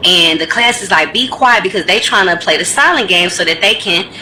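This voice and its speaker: Woman vlogger, casual rant, animated and blunt with cursing, bright forward tone, faint rumble underneath. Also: brisk, poor audio. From United States. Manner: animated storytelling, blunt and profane.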